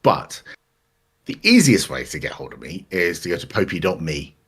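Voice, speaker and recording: A man, chatting casually as a podcast guest, relaxed and self-deprecating. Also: deep voice, normal speed, breathy edge. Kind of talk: casual chat.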